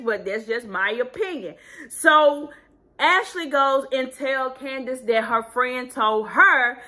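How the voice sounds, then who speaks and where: A woman giving casual, sassy commentary as a reality TV recap vlogger, talking animatedly. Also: sits high. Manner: sassy, animated, does voices when quoting people.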